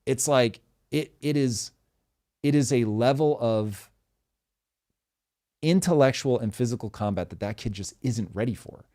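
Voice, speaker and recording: A man's voice: medium pitch, unhurried. A man in his forties hosting a talk show, speaking emphatically and swearing freely in casual chat. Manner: emphatic, profane, animated storytelling. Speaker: podcast host.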